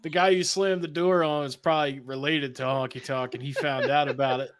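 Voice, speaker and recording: A man's voice: mid-range voice, fairly even intonation, fairly quick, clear, resonant tone. A man co-hosting a podcast, joking and laughing in casual chat. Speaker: podcast co-host.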